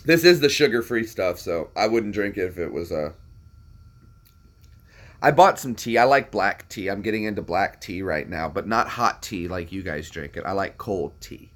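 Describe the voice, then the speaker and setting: Man, low voice, rambling casual vlog chat, loose and chatty. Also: animated, moderate pace, a bit bright. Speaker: vlogger.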